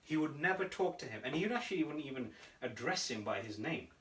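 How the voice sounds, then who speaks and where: A man co-hosting a casual podcast, telling stories with animated energy and frequent laughter. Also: fairly high pitch, fast. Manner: animated storytelling, laughs often. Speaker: podcast co-host. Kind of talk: casual chat. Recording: roomy echo, mic at a distance.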